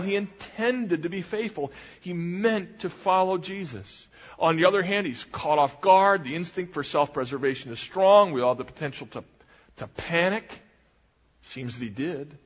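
A man's voice: on the high side, a bit bright, slightly rough. A man preaching a sermon and retelling a story, acting out the quoted lines as he goes. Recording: dull recording in a reverberant hall.

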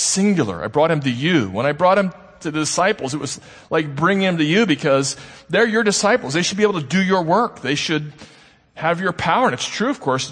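A man's voice: fairly bright tone, slightly rough, big-room sound. A man preaching a sermon in an earnest way, voicing the people he quotes with a rising, pleading tone. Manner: earnest, acts out quoted speech with rising pitch. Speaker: pastor.

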